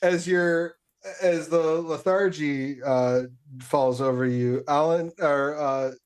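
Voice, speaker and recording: A man running a tabletop game as game master, laughing often and pausing with fillers. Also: fairly high pitch, steady tone, clear, resonant tone.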